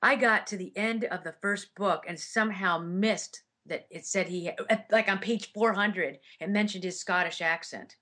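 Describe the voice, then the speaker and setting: A woman's voice: mid-range voice, normal speed, hardly any pauses, fairly bright tone. A woman audiobook narrator answering interview questions in a chatty way, with many fillers and restarts.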